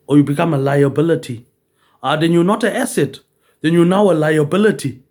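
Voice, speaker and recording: A man's voice: on the high side, a little mellow. A man rambling on in a loose monologue, swearing freely and tagging almost every line with "mate".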